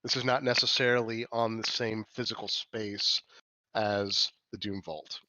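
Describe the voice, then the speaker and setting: A man's voice: fairly low pitch, steady tone, a little slow, pushed and bright, no echo, lo-fi sound. A man running a tabletop game as game master, describing scenes with many restarts and fillers. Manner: rambling, self-correcting descriptions.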